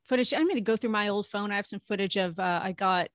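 A woman's voice: mid-range voice, fast talker, no room sound, clean studio sound. A woman co-hosting a podcast, chatting casually and laughing easily as she tells stories. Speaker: podcast co-host. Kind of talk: casual chat, anecdotes.

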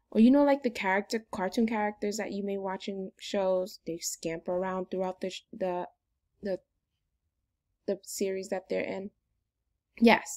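A woman teacher giving a phonics lesson to young children in an upbeat, sing-song way. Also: mid-range voice.

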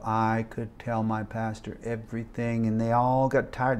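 A man in his fifties teaching a missions class, telling a personal testimony with animated, emphatic swells like a preacher. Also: fairly low pitch. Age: 50s.

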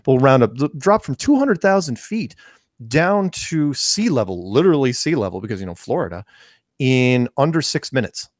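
A man co-hosting a casual podcast conversation, telling stories in an animated way with frequent restarts. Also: mid-range voice, moderate pace, dry recording, studio quality. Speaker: co-host.

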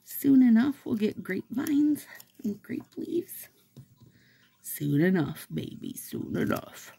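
A woman's voice: medium pitch, big pitch swings, slow pace, gravelly, mellow, slightly rough, pitched above the performer's own voice, full character voice. A woman voicing a flock of backyard birds as they teasingly talk to her.

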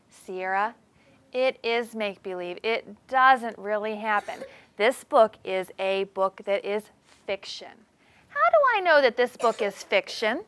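A woman teacher in a classroom reading a storybook aloud to young children, with expressive sing-song delivery and questions to the class. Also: mid-range voice, a little slow, smooth. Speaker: preschool teacher.

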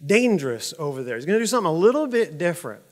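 A man preaching a sermon as pastor, telling stories in a lively, conversational way with frequent asides to the congregation. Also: a little high, racing, big-room sound. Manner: animated storytelling, chuckles at own jokes.

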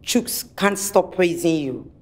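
An actress playing a composed senior woman doctor, calm and measured. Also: lowish voice.

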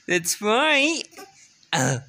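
A woman's voice: deep voice, fairly bright tone. A young adult woman, a mother, chatting to her baby at home in a coaxing, sing-song way. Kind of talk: casual baby talk at home.

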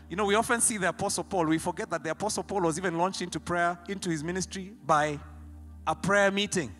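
A Kenyan pastor preaching with animated storytelling, his voice fairly high and very bright. He jumps from loud excitement to quiet, pointed emphasis. Faint music plays behind him. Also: fast talker. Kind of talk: sermon.

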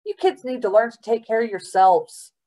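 A woman's voice: medium pitch, animated, normal speed, darkish tone, distant mic, low-quality recording. A woman reading aloud voices a scornful adult woman prison guard who snaps dismissively at children. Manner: snapping, dismissive.

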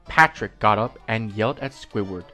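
A man reading a creepy fan story aloud, slowly, breaking off for joking asides and corrections. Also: lowish voice, pushed and bright, faint music behind. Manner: slow, with asides and self-corrections. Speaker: creepypasta reader.

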